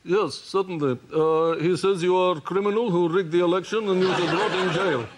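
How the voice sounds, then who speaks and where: A man's voice: sits high, brisk, close to an everyday voice. A comedian playing a sly, mocking male foreign leader who also interprets, in an improvised sketch. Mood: deadpan. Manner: deadpan, mocking. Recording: loud background noise.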